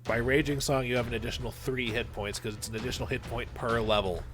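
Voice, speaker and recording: A man running a tabletop game as game master over an online call, calmly explaining rules and narrating combat with playful asides. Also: medium pitch, quick pace, music in the background.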